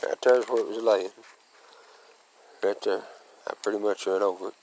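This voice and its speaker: A fairly low-voiced man rambles on in a chatty, folksy way, breaking into little chuckles. He is talking outdoors and from his truck, and faint ambient noise sits under his voice. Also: steady tone, normal speed, darkish tone, low-quality recording. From Western North Carolina. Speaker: vlogger. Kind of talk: casual rambling monologue.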